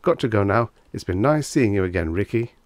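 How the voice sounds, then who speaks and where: A man voicing a tipsy, excitable foppish young man who blurts out flustered, indignant exclamations in a storybook reading. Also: on the low side, a little fast, no echo, natural voice. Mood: cheery tipsy.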